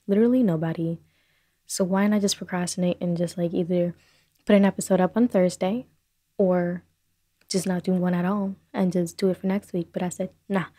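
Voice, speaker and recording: A young woman hosting a casual solo podcast from her bedroom, rambling and self-deprecating, talking fast. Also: lowish voice, fairly even intonation, warm tone, dry recording. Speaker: podcast host. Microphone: desk microphone on a short stand.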